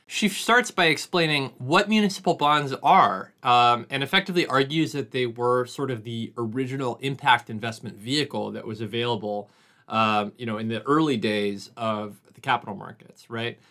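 A man's voice: medium pitch, moderate pace, pushed and bright. A man hosting a podcast, introducing the episode in a chatty way with plenty of fillers and jokey asides. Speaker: podcast host.

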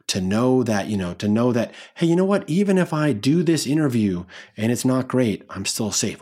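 A man's voice: medium pitch, darkish tone, breathy edge. A man hosting a self-help podcast, talking straight to his listeners in an earnest, encouraging way and sometimes speaking as if coaching himself aloud. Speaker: podcast host.

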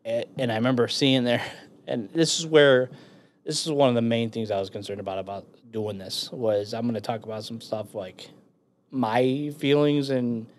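Veteran man as podcast guest, middle-pitched voice, profane and animated storyteller. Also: normal speed. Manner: profane, animated, laughs between phrases. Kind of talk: casual storytelling.

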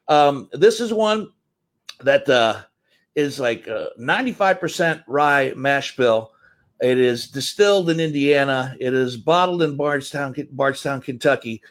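Animated high-pitched podcast host man. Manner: animated, laughing, voice jumps high when excited. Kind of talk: casual storytelling monologue.

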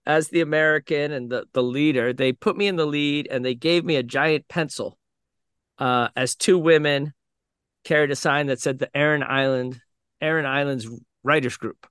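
Male podcast host, storyteller, animated voice-play, bright ringing tone, dry close sound. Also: fairly high pitch, moderate pace, clear, resonant tone, no echo. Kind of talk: storytelling anecdote.

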